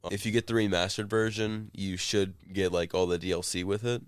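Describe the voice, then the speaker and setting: A man's voice: lowish voice, steady tone, brisk, smooth, no echo, clean studio sound. A man co-hosting a podcast, recounting a video game scene in casual chat, rambling with many "like" fillers. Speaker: podcast co-host.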